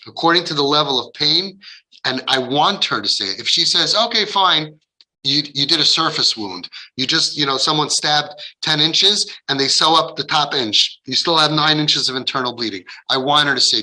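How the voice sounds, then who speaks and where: A man's voice: fairly high pitch, bright, forceful tone, rough recording. A middle-aged man giving passionate, casual advice to parents, acting out dialogue and sprinkling in Hebrew religious terms. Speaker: parenting coach.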